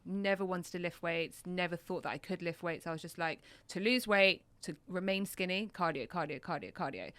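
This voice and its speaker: Chatty English woman, low-pitched. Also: fairly bright tone, smooth, no echo. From England. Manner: chatty, teasing, laughs easily. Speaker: podcast co-host, personal trainer. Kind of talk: casual chat.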